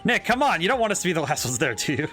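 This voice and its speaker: A man's voice: on the high side, big pitch swings, racing, sharp tone, faint music behind. A man putting on a bubbly, pushy teenage girl. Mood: urging.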